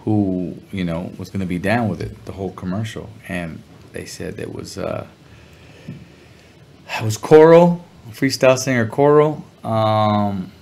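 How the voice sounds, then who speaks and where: A middle-aged man telling a story as an interview guest, relaxed and full of slang. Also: lowish voice, moderate pace, gravelly, a little hiss or hum. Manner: laid-back, chuckling, heavy slang. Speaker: guest musician.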